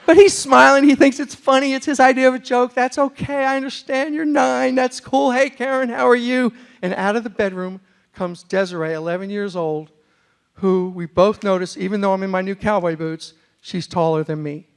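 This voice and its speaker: A man with a fairly high voice tells funny personal stories to an audience. He is animated and slips into the voices of the people he describes, keeping the tale moving like a practiced speaker. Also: normal speed, vocal fry, clean tone. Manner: animated, acts out quoted voices. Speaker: storyteller and motivational speaker. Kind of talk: humorous storytelling talk on stage.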